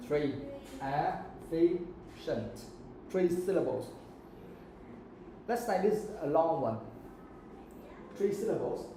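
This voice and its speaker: A male teacher explains English grammar to a live class. His voice sits a bit high and sounds mellow. The room is echoey, with faint background noise. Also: expressive, unhurried, pauses often. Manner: checks understanding with repeated questions.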